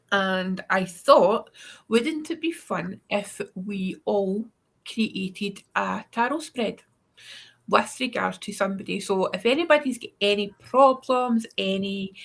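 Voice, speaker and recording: A woman's voice: medium pitch, gravelly, fairly bright tone. A Scottish woman co-hosting a tarot livestream, chatting casually, laughing often and swearing now and then. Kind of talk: casual chat.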